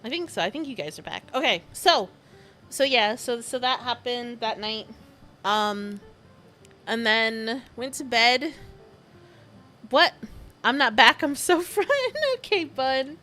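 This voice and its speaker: A young woman streamer chats casually with her audience in a high, light voice. She rambles through her story with restarts and fillers, gushing and giggling along the way. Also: fairly bright tone. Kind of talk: casual livestream chat.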